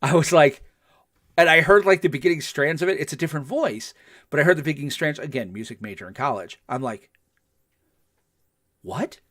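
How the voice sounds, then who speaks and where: An older man hosting a podcast, recapping episodes in casual chat and acting out quotes with animated energy. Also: on the high side, fast. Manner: animated storytelling, acts out quotes. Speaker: podcast host.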